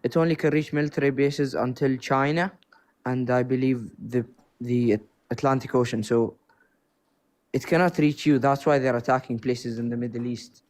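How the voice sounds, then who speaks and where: A man's voice: medium pitch, fairly even intonation, normal speed, a little mellow. Young man raised in Oman, Gulf Arabic accent, earnest and hesitant, apologizes often, casual debate caller. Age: young adult.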